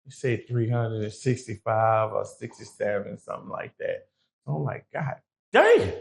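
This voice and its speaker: Man, gravelly voice, profane storytelling, acts out quotes, casual interview guest. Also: on the low side, fairly even intonation, normal speed. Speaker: guest recounting prison story.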